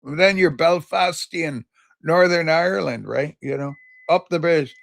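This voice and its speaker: A man hosts a loose, casual livestream and talks on in a rambling way. He greets viewers by name and reads their comments aloud. His voice sits fairly high. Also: a little slow, creaky, fairly bright tone. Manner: loose and chatty, with many fillers and restarts. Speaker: livestream host.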